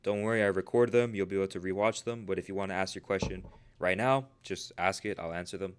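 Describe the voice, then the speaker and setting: A man's voice: low voice, fairly even intonation, fast, smooth. A man of twenty hosting a casual livestream about trading, talking earnestly and motivationally, peppering his speech with "right?" and "bro". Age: 20s.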